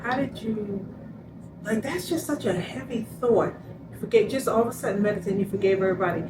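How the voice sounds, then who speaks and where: A woman's voice: medium pitch, brisk. A woman hosting an interview, asking questions and affirming often. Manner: affirming, frequent back-channel replies. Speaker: interview host. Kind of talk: conversational interview. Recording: echoey room, distant mic, noisy.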